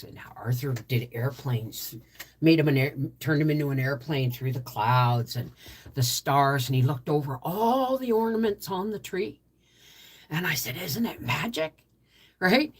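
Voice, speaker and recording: Older woman, low voice, husky, rambling live-stream chat, home office. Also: animated, unhurried. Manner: chatty, rambling storyteller with many restarts. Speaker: homestead channel host.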